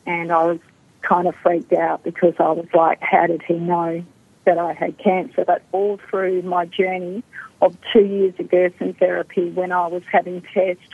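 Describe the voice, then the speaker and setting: A woman's voice: on the low side, husky, no echo. A middle-aged woman from Australia, a guest telling a personal story and acting out the lines of the people in it. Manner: animated storytelling, acts out quoted dialogue. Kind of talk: storytelling in an interview. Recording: tinny phone line.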